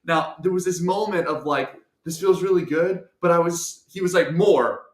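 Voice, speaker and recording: A young man tells a personal story with plenty of energy. He acts out every voice in it, drops to soft asides and builds to full shouts. The room is echoey. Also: high-pitched, moderate pace. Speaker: guest storyteller.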